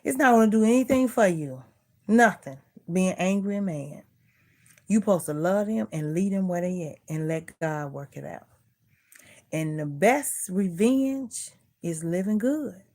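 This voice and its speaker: A woman's voice: fairly low pitch, lively intonation, unhurried, darkish tone. A middle-aged woman vlogger in casual chat, earnestly preaching life advice and repeating herself.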